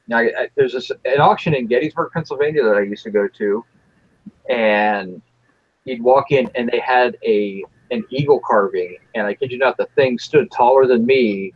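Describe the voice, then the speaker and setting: A man with a husky, slightly breathy voice hosts a laid-back chat, joking around and tripping over his own restarts. His voice comes through a dull, lo-fi line. His pitch sits at an ordinary middle height. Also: moderate pace, no echo. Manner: relaxed, joking, trails off into restarts. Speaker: podcast host. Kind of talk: casual chat.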